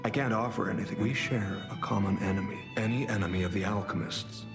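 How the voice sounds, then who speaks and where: An actor playing a solemn, worried male ally in a game, speaking in a measured way. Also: on the low side, creaky. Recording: game audio with long reverb and music.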